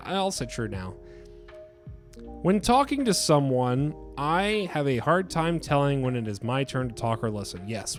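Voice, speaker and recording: A man chatting casually to his viewers as he reads quiz items aloud. He rambles, hesitates and swears freely. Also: mid-range voice. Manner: profane, rambling, hesitant with filler words. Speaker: YouTuber taking an online quiz.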